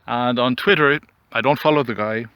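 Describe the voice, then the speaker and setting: A man delivering a mock-dramatic comedic monologue outdoors, mock-solemn and rambling, with theatrical pauses. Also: mid-range voice, fairly bright tone, clear, resonant tone, no room sound. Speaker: commentary vlogger.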